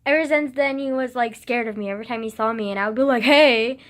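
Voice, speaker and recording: A woman vlogs to the camera in a rambling, giggly storytelling style, full of "like" and other fillers. Her voice is on the high side and she talks rapid-fire.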